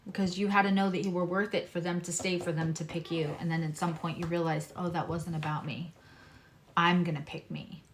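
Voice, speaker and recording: A woman's voice: lowish voice, flat delivery, fairly quick, a little hiss or hum. A woman astrologer giving a casual, earnest tarot reading, speaking straight to her viewers in a reassuring way.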